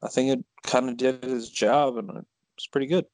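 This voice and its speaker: A man's voice: mid-range voice, steady tone, brisk, a little mellow, no room sound. A man co-hosting a movie review chat, his voice recorded dry and close with no room sound. He tends to answer in short, wry lines. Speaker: podcast co-host.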